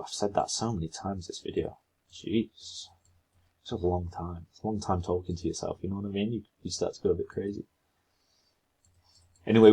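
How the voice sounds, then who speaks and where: A man's voice: sits low, dark tone, breathy edge. A man giving casual, chatty commentary as a trading educator, rambling and talking to himself in asides. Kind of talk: casual screen-share commentary.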